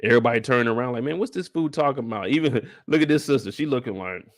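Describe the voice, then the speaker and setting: A man casually recapping a show on a live stream, talking in an animated way and acting out the characters in exaggerated high voices, with a relaxed way of speaking. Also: quick pace, no room sound, clean studio sound.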